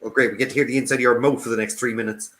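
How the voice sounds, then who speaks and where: A man's voice: medium pitch, steady tone, rapid-fire, fairly bright tone, slight background noise. An Irish man hosting a live quiz stream from home, joking and reading out viewers' comments. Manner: jokey, laughs often, reads out viewer comments. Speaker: quiz host. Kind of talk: casual live-stream chat.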